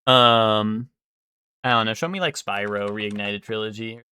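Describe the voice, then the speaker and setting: Bright-voiced young man streaming. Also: fairly low pitch, unhurried, smooth. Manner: casual, swearing, thinking aloud while guessing. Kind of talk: casual live-stream commentary.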